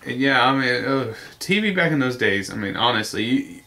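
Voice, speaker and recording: A man's voice: medium pitch, expressive, normal speed, pushed and bright. A man talking casually in a video response, rambling with lots of fillers and the occasional swear word. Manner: rambling, nostalgic, with frequent fillers and mild swearing. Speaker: vlogger.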